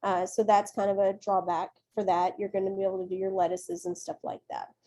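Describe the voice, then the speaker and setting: A woman teacher presenting at a conference, telling classroom stories in a chatty, folksy, expressive way. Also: medium pitch, a little fast. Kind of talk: animated classroom storytelling.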